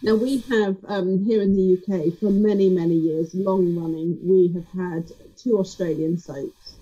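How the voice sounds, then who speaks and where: Husky woman host. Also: lowish voice, fairly even intonation, a little slow, mellow. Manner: friendly, talkative, rambling asides. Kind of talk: casual interview chat. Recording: dull lo-fi sound.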